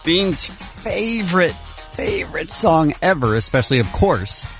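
A man's voice: a little high, sing-song, measured pace, soft background music. A man co-hosting a morning radio show, dry and teasing in casual banter.

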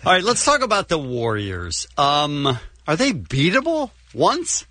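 A man's voice: fairly high pitch, huge pitch swings, unhurried, pushed and bright, no echo. A man co-hosting a radio show, joking and bantering with guests. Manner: jokey, laughs often. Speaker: radio co-host.

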